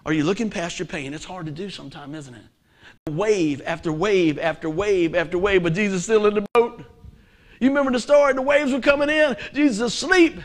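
A man with a high voice delivers a sermon. He fires questions at the congregation and pushes some lines hard. Then he drops others to a near hush. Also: fairly quick. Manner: emphatic, asks the congregation questions; swings from loud to hushed. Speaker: preacher.

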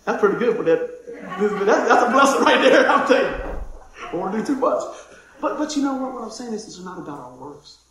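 A man preaching a conversational sermon, excitable and chatty, dropping to a hush and then shouting with excitement. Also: high voice, fairly quick, a little hiss or hum. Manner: excitable, conversational, swings from loud to hushed. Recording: very echoey room.

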